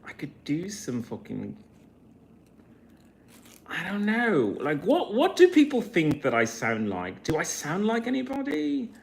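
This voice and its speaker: Rambling profane streamer, unhurried delivery with a pitch that swings widely. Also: wildly swooping pitch, gravelly. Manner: profane, meandering, self-questioning. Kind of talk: casual rambling monologue.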